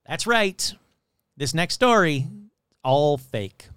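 A man's voice: fairly high pitch, expressive, takes it slowly, a bit bright, clear, resonant tone, no echo. A man hosting a casual comedy podcast, sarcastic and profane, rambling as he mocks a legend. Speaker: podcast host.

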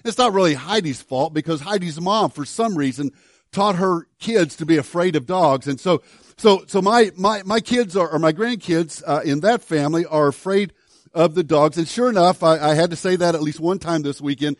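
A man's voice: fairly high pitch, normal speed, no room sound. An older man, a pastor, preaching a sermon in a conversational storytelling way with self-deprecating humor.

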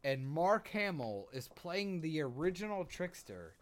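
Excitable guy on a podcast, voice jumping all over, talks slow and drawn out, swears a lot, bangs the desk by the mic. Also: a little high. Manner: excitable and emphatic, swears freely. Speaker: podcast co-host. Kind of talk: casual pop-culture chat. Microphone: desk mic, bumped while he hits the desk.

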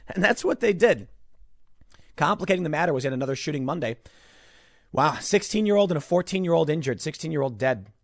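A man's voice: on the high side, no echo, studio quality. A young man giving an emphatic opinion monologue as a political commentator, ranting and often repeating words.

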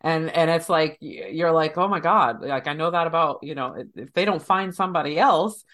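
A woman's voice: low-pitched, normal speed, a bit bright. Reflective woman in a casual chat. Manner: reflective, quotes others in playful voices.

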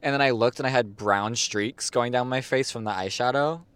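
A man's voice: medium pitch, moderate pace, a bit bright, clear, resonant tone, no echo. Candid young man, dry close sound. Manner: candid, jokey storytelling. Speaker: podcast co-host. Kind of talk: casual chat.

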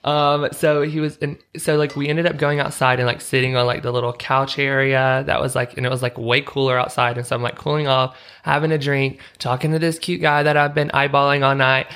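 A man from Utah co-hosting a podcast, retelling a dating story in a casual, animated way, full of fillers and acted-out quotes. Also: mid-range voice, a little fast, smooth. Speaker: podcast co-host.

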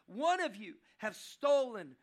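A man acting out an angry Egyptian guard who shouts accusations in a loud, high, indignant voice. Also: big pitch swings, takes it slowly, exaggerated voice. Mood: accusing.

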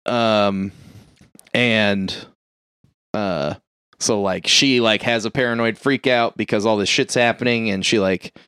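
Smooth-voiced man rambling through a casual recap. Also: lowish voice, steady tone, measured pace, pushed and bright, no echo, clean studio sound. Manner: rambling, profane, lots of "like" and "uh", acts out characters' lines. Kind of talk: casual movie recap chat.

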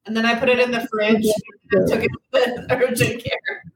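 Woman in a roomy room, slightly high voice. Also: little pitch movement, moderate pace, slight background noise. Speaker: podcast co-host. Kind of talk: casual chat. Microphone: video call. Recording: roomy sound, far from the mic.

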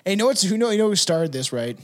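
High-voiced man, laughing and swearing. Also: fast. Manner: laughs often, swears, animated storytelling. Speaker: podcast co-host. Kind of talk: casual chat.

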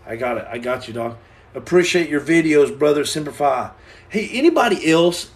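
Answering viewer questions on his live stream, this American man keeps things jokey and playful, acting out small scenes and repeating himself. He stammers and restarts frequently, speaking at normal speed in a fairly high voice.

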